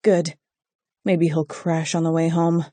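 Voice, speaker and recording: An audiobook narrator giving an intimate, measured first-person romance reading on a close studio mic. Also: medium pitch, little pitch movement, mellow, dry recording.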